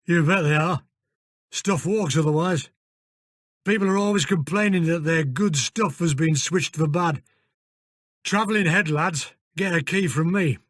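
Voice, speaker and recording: A man voicing a gruff, defensive stables manager with a northern English accent, talking bluntly. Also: fairly high pitch, measured pace, fairly bright tone, no room sound, studio quality, voice pushed up. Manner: blunt, curt.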